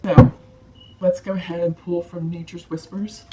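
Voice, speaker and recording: A woman giving a tarot card reading to her viewers, soft-spoken, emotional and reassuring. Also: lowish voice, flat delivery, normal speed, very noisy. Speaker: tarot reader.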